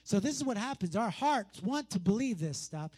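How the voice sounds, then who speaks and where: A man's voice: sits high, sing-song, moderate pace, darkish tone, breathy edge. A man preaching a sermon, pressing his points through repetition and conversational asides.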